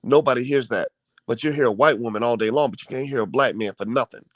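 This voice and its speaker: A man's voice: medium pitch, fast, no room sound. Heated man ranting in a dry room. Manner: heated, preachy, repeats and stammers, swears. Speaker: commentary host. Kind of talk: impassioned political commentary.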